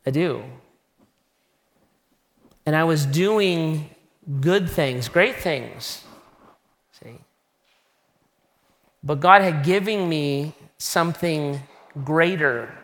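A middle-aged man preaching a sermon, telling a personal story in an animated, self-mocking way. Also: on the high side, very slow, long pauses. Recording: long reverb of a large hall.

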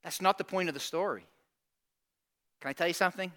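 A man preaching with a high, bright voice. He tells the story in a lively, conversational way and slips into the voices of the people in it. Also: fairly quick, pauses often. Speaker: pastor. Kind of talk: sermon.

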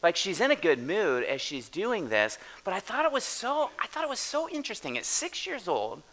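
A man's voice: high-pitched, wildly swooping pitch, normal speed, fairly bright tone. A man in his thirties, a pastor telling a story in a chatty, casual sermon and often asking "right?".

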